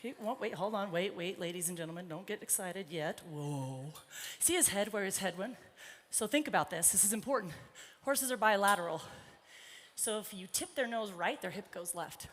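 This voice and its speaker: A woman trainer gives a live riding clinic in an indoor arena at a horse expo, talking to her colt and the spectators through a wireless body mic. Her mid-range voice is animated and a bit bright, at a moderate pace, slightly out of breath, echoing in a large hall.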